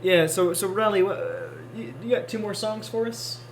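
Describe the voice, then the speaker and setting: A man's voice: sits high, fairly even intonation, moderate pace, a little hiss or hum. An easygoing man co-hosting a casual podcast, agreeable, with short replies. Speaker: podcast co-host. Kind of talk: casual late-night chat over beers.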